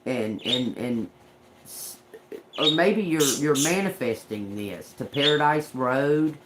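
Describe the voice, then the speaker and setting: A woman's voice: very deep voice, animated, takes it slowly, noisy background. A woman doing a casual live tarot reading, talking loosely, restarting phrases and swearing now and then. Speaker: tarot reader.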